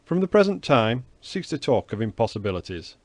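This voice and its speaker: A man's voice: medium pitch, very animated, a little fast, darkish tone, no echo. Man voicing cunning seductive noblewoman, coy and calculating, raised tone, dry close sound. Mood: scheming coy.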